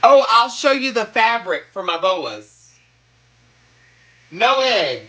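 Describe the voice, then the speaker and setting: High, lively Southern man with sass. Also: slow, poor audio. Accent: Southern US, South Carolina. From South Carolina. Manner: sassy, playful, drawls greetings, hums little sound effects. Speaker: live-stream cooking host. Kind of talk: casual live-stream chat with viewers.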